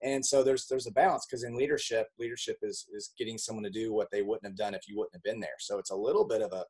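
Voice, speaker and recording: A man's voice: on the low side, fairly even intonation, quick pace, a little mellow, husky. A man leading a team call, talking in an upbeat, encouraging way with frequent restarts. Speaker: team leader hosting a group call. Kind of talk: casual motivational chat.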